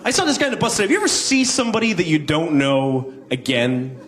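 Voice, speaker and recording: Wry stand-up comic over crowd noise. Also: male voice, on the high side, fast talker. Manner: wry, rambling observational delivery with silly impressions. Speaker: stand-up comedian. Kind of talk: stand-up routine. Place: comedy club before a live audience. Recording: crowd laughter and ambient noise.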